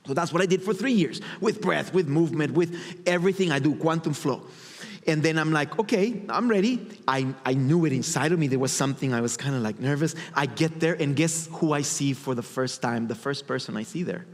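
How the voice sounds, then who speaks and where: A man giving a motivational stage talk, telling a personal story in an animated way and acting out his inner voices. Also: on the high side, a little fast. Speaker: motivational speaker. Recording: long hall reverb.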